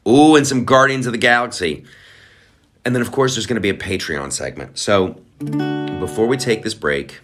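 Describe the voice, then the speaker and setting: A man's voice: low-pitched, animated, normal speed, music in the background. A male podcast host in a casual political rant, profane and fired up.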